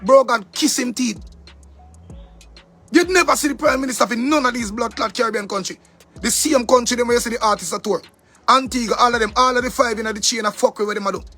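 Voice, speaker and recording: Jamaican man, angry profane rant, high voice, faint music behind. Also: quick pace, sharp tone, slightly rough. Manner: angry, profane, preachy, repeats for emphasis. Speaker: commentator. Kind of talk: heated monologue rant.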